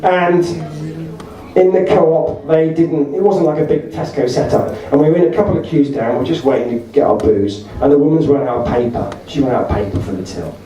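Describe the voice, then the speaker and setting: A man with a fairly high but mellow voice tells party anecdotes in a loose, chatty way, chuckling at his own punchlines. He is picked up from a distance in a very echoey hall. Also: fairly quick. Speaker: party speaker telling anecdotes. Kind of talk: storytelling speech. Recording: echoey room recorded from far off.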